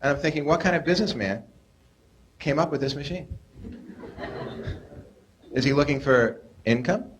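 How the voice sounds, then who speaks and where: A man's voice: fairly high pitch, moderate pace, long pauses. A young adult man doing a stand-up routine on a club stage, neurotic and self-deprecating, with whiny voices for the characters he puts on. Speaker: stand-up comedian. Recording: noisy 1980s live club tape.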